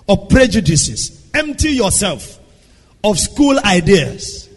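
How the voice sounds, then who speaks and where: A man preaching a sermon, swinging from soft asides to shouted lines. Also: sits high. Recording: long hall reverb.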